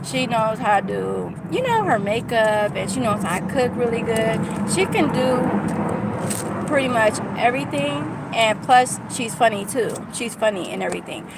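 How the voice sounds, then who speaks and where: A woman's voice: fairly high pitch, expressive, measured pace, vocal fry, very noisy. Candid rambling woman from California. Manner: candid, rambling, frequent fillers and restarts. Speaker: YouTuber talking to live chat. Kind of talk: casual livestream chat.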